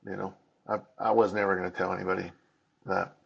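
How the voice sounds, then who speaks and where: A man's voice: deep voice, flat delivery, fast talker, vocal fry, slightly rough, muffled recording. A man in his fifties telling his own story as an interview guest, candid and earnest, often restarting and repeating words. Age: 50s. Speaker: podcast guest.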